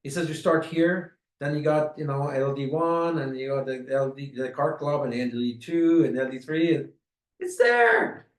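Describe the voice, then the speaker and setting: Man, high voice, motivational sales trainer, emphatic, repetitive, echoey room. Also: sing-song, normal speed. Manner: emphatic and repetitive, stretching key words. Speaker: network marketing trainer.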